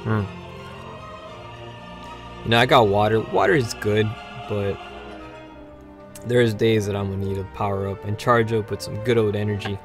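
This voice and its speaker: A man hosting a weekly gaming livestream, sleepy and yawning, rambling between bursts of excitement. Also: lowish voice, moderate pace, long pauses, soft background music. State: tired, yawning. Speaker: livestream host. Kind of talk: gameplay livestream commentary.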